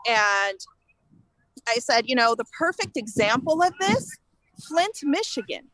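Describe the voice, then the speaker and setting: A woman from California, a guest telling her story in an animated, indignant way and acting out the exchanges she quotes. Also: a little high, unhurried, low-quality recording. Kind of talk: casual interview storytelling.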